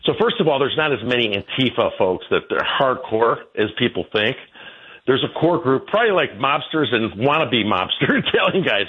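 Rambly husky older man, sixties, thin phone-line sound, voice bouncing up and down. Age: 60s. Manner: rambling storyteller, jumping pitch, laughs between. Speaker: guest. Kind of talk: casual interview talk.

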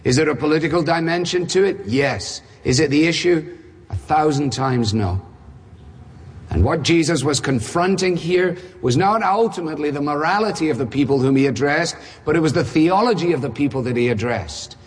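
A man delivers a sermon in a slightly husky, fairly high voice, driving home points with strings of rhetorical questions and dry humor. His voice rings out with a long reverb, as in a large church hall. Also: animated, moderate pace. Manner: rhetorical questions, wry asides, dramatic emphasis. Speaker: preacher.

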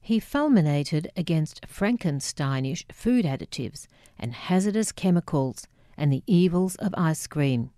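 Slow, mellow Australian woman narrating. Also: low-pitched, lively intonation, no echo, studio quality. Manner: measured, reflective. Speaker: memoir narrator. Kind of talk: scripted memoir narration.

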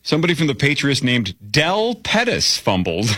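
A man's voice: mid-range voice, huge pitch swings, normal speed, bright, forceful tone. A man hosting a casual sports chat, joking about player names. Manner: jokey, riffs on player names. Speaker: sports podcast host.

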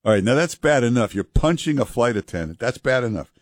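A man's voice: medium pitch, animated, fast talker, no echo, studio quality. A middle-aged male guest host on talk radio who chats casually and fills his speech with "uh". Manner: casual, conversational, many fillers. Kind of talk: talk radio chat and ad reads.

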